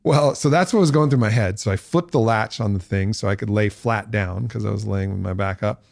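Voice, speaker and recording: A man's voice: lowish voice, brisk, creaky, darkish tone, no room sound, studio quality. A man on a podcast as guest, telling stories casually and reflectively, often breaking into laughter. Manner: reflective, uses many fillers. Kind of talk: casual storytelling.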